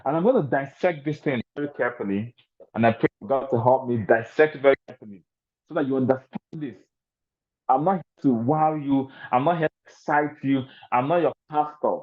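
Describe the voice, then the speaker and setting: A man addresses a packed venue with a motivational seminar talk. He hammers home each point with repetition and a preacher's rising cadence. His voice sits at an ordinary middle pitch, and it comes through thin and narrow, as if over a phone line. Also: brisk. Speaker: motivational speaker. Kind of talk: seminar talk to a large audience. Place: large event venue. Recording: tinny, phone-like sound.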